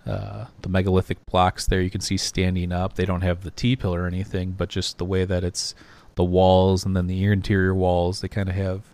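A man co-hosting a podcast, talking through slides in a loose, rambling way with lots of fillers and pauses. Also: deep voice, monotone, a little mellow. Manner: rambling, hesitant, many fillers. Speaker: podcast co-host. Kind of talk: casual podcast discussion.

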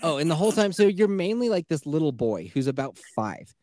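Laid-back man with a mellow voice. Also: a little high, sing-song, a little fast, dry recording, clean studio sound. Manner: loose, swearing, quotes characters in his own voice. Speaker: podcast co-host. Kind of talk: casual chat, retelling a video game story.

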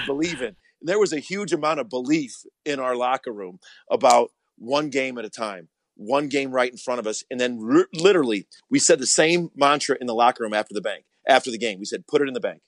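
A man's voice: mid-range voice, fairly quick, no echo. A man, a college basketball coach, answering interview questions earnestly, often repeating words as he starts.

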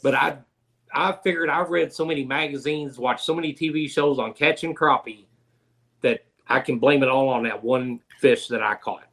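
A man's voice: medium pitch, moderate pace, a bit bright. A man, a guest in a casual interview, telling fishing stories in an easygoing, folksy way. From Kentucky.

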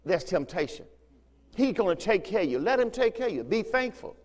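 A man's voice: high voice, big pitch swings, fairly quick, in a large hall. A man preaching a fervent sermon as pastor, repeating phrases and urging his listeners on. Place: church sanctuary.

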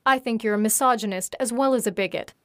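A woman voicing a forceful young woman who speaks in a sarcastic, teasing way. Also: fairly high pitch, quick pace, dry recording, studio quality, natural voice.

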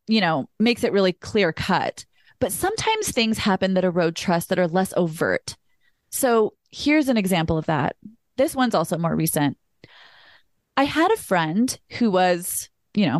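A woman's voice: fairly low pitch, no room sound, studio quality. A young adult woman hosting a podcast, candidly telling a personal story with emphatic asides and the occasional swear word. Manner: candid and emphatic, swears, acts out quoted dialogue. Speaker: podcast host. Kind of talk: personal storytelling in casual chat.

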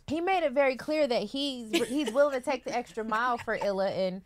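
A woman's voice: a little high, brisk, a little hiss or hum. A woman co-hosting a podcast who chats playfully and teases the others. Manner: playful, teasing, laughs often. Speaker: podcast co-host. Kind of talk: casual chat.

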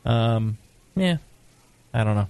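A middle-aged American man co-hosting a casual brewing talk show, joking and lively, sometimes putting on gruff voices. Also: on the low side, slow. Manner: animated, joking, mock-gruff put-on voices. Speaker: podcast co-host, brewing expert. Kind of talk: casual chat.

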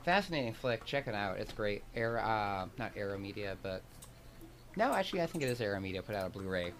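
A man's voice: on the low side, big pitch swings, fairly quick, slight background noise. A man in a casual chat, talking about movies in a laid-back way and filling his sentences with "like" and "um". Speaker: podcast co-host.

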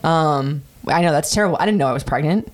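A woman's voice: low-pitched, quick pace, a little hiss or hum. A woman in her thirties casually telling a personal story on a podcast, chatty and profane with many fillers. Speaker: podcast host.

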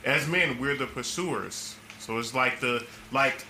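A man makes his case slowly and steadily on a casual podcast. His voice sounds very bright and sits at a middle pitch. Light noise runs under the mic. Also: echoey room. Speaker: podcast co-host. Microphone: studio mic.

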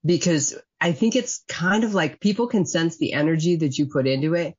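A woman guest writer in casual podcast chat, animated and laughing as she talks. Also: sits low, normal speed, slightly rough. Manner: animated, laughs while talking. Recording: dull lo-fi audio with faint music.

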